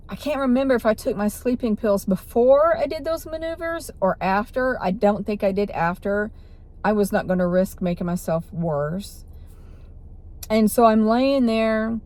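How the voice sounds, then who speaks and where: A woman's voice: medium pitch, a little slow, darkish tone. A woman vlogger telling a personal story in a rambling way, with restarts and self-corrections.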